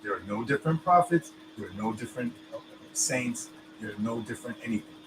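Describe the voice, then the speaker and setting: A man's voice: medium pitch, animated, a little fast, background noise. A man explaining things in casual chat, loose and full of fillers, often checking that his listener understands.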